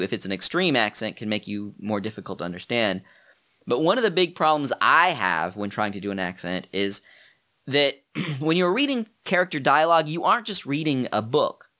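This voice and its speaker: A man's voice: mid-range voice, pushed and bright. A man who narrates audiobooks, talking through voice-acting tips in an earnest, modest, thinking-aloud way. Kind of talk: casual how-to talk.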